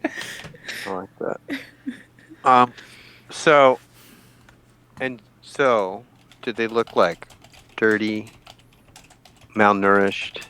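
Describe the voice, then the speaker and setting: A man's voice: fairly low pitch, extremely slow, long pauses, bright, forceful tone, clear, resonant tone. A man playing a tabletop game, thinking aloud in a wry, hesitant way. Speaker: player. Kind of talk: casual chat while playing.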